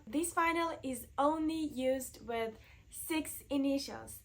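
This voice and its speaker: A woman teaching an online pronunciation lesson, speaking slowly and deliberately and repeating sounds for her learners to practice. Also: high voice. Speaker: language teacher.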